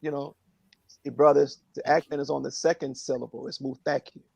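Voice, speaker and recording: A man speaking earnestly and reflectively on a phone prayer line, in a halting way with many fillers. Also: medium pitch, fairly even intonation, vocal fry, dull audio, a crowd in the background.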